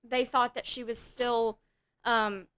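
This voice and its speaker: Woman podcast co-host, smooth clear tone, steady casual plot summary. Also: on the high side, slow. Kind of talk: casual film review chat.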